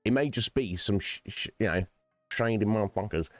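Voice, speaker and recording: Rambling low-voiced male streamer. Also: brisk, no echo, faint music behind. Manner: rambling, philosophical, swears freely; chats directly to viewers by name. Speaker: streamer host. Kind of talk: casual livestream chat while gaming.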